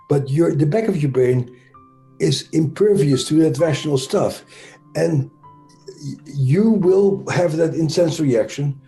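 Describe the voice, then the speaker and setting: A man with a Dutch accent, an interview guest explaining ideas in a thoughtful, halting way with frequent pauses and self-corrections. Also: a little high, warm tone, reverberant, soft background music. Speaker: interview guest, trauma expert. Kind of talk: conversational explanation.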